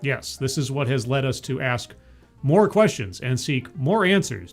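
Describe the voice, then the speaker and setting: A man's voice: medium pitch, expressive, normal speed, faint music behind. A man giving casual reaction commentary on a talk, rambling with jokey asides and many fillers and restarts.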